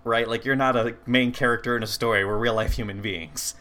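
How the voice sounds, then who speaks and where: A man with a bright, forward voice chats loosely about a film with a friend. He swears freely, laughs often and restarts his sentences as he thinks aloud. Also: mid-range voice, steady tone, brisk. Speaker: podcast co-host. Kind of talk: casual movie recap chat.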